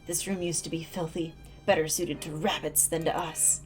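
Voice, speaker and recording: A woman's voice: sits low, fairly even intonation, normal speed, faint music behind, voice pushed down, natural voice. A woman voicing a haughty, pompous French noble male bird who talks down to others. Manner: arrogant, scolding.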